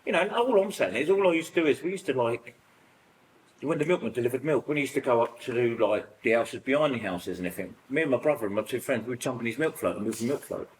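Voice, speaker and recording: This middle-aged Brit, speaking at a fast clip with a medium-pitched voice, tells stories from his childhood to a support group. He wanders and gets animated, leaning on fillers and playing out quotes, all captured in poor audio.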